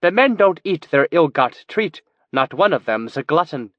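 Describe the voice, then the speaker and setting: Storybook woman reciting in a slow, ringing drawl; male reader. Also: on the high side, big pitch swings, no echo, muffled recording, voice pushed up. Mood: mock grand. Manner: affected drawl, ringing metered declamation. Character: young woman mimic reciting in a cultured drawl.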